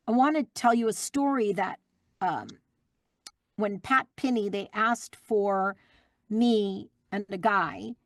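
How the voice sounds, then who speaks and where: A middle-aged woman, a guest voice actress, chatting in an interview and telling lively stories with plenty of fillers. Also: medium pitch, no echo, studio quality. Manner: warm, animated storytelling with fillers. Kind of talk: casual interview chat.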